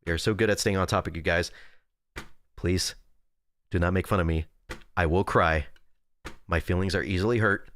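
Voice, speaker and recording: A man's voice: low voice, fairly even intonation, moderate pace, long pauses, a bit bright, slight background noise. A young man streamer in rambling, jokey casual chat with his viewers at a desk indoors.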